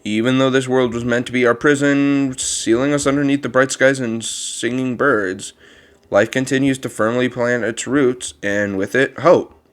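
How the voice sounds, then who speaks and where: A man's voice: mid-range voice, steady tone, moderate pace, close to an everyday voice. A man voicing a kindly old male monster who looks after a child, talking in a formal, rambling way with a strained put-on voice. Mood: wistful. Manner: gentle, formal and fond of rambling. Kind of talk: reading game dialogue aloud.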